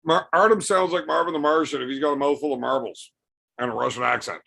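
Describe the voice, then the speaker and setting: Gravelly, blunt, foul-mouthed man ranting. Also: on the high side, quick pace, pushed and bright. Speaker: arm wrestler hosting a livestream. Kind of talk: casual livestream chat, answering super chats.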